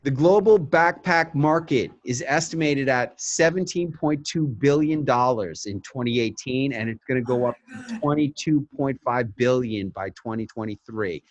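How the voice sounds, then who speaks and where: A man delivering an upbeat, emphatic sample media pitch, acting it out as if on a phone call. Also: normal speed, hardly any pauses, no room sound.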